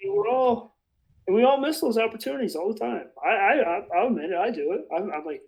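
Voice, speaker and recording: A man's voice: sits high, quick pace, gravelly, darkish tone, low-quality recording. A man rambling passionately in a casual religious discussion. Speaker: bible study participant.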